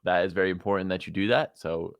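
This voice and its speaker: A man with a fairly low voice hosts a live stream and talks through a song review in a loose, casual way. His speech is full of "um" and "like". The sound is dry and close, with little room around it. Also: fast, creaky, dry recording. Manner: relaxed, many fillers like "um" and "like". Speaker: show host reviewing submitted music.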